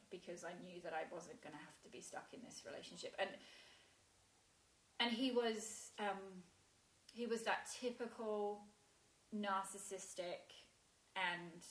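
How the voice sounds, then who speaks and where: A woman telling a painful personal story in a halting way, with many restarts and fillers. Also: lowish voice, a bit bright. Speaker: guest sharing a personal story. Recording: roomy echo.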